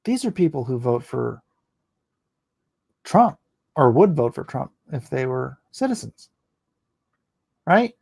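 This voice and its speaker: A man hosting a casual late-night livestream, rambling and opinionated, his voice going hoarse. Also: mid-range voice, very animated, slow pace, pauses often, darkish tone, no room sound. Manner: rambling, opinionated, restarts often. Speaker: livestream host reading chat.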